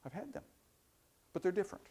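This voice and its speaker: A man voicing an adult male abductee who calmly and patiently insists on his experience in a low, quiet voice. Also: fast talker. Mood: weary calm. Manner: quiet, patient, matter-of-fact. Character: calm adult male abductee, unshakeable believer.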